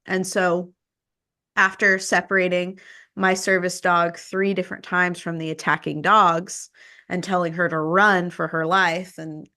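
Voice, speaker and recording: A woman podcast host, telling a story in casual conversation and acting out the quoted exchanges. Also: a little slow. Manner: animated, acts out quoted exchanges with rising pitch.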